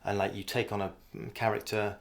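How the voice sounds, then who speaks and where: A man's voice: fairly low pitch, level tone, fairly quick, gravelly. A man hosting a podcast, interviewing a comedian in a thoughtful, encouraging way with plenty of ums. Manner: thoughtful and encouraging, with many fillers. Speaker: podcast host. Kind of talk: casual interview.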